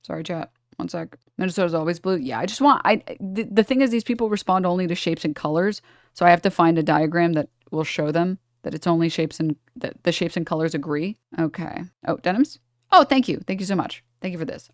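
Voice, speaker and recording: Sarcastic woman streamer, low dry voice. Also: brisk, no room sound. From New York. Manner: sarcastic, condescending toward chat; thinks aloud while checking charts. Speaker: streamer reacting to chat. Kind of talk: live stream commentary.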